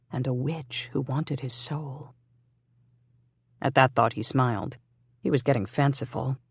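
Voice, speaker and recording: An audiobook narrator reading a historical romance in an even, measured way. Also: mid-range voice, no room sound, clean studio sound.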